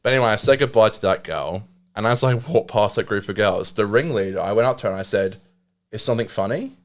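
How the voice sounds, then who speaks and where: A man's voice: fairly low pitch, quick pace. A man in his twenties telling a rambling, emotional story on a casual comedy podcast, swearing often. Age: 20s. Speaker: podcast co-host.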